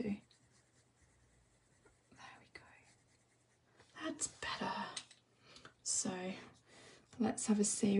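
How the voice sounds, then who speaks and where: An English woman chatting casually while she teaches colouring on a live stream, often sinking into a soft half-whisper as she works. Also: medium pitch, vocal fry, recorded from a distance. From England. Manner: relaxed rambling chat, often drops to a soft half-whisper while working. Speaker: colouring tutor.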